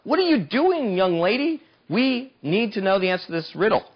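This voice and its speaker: A man's voice: high-pitched, very animated, moderate pace, muffled recording, pitched above the performer's own voice. A man voicing a group of threatening young men who make demands in a raised, menacing voice.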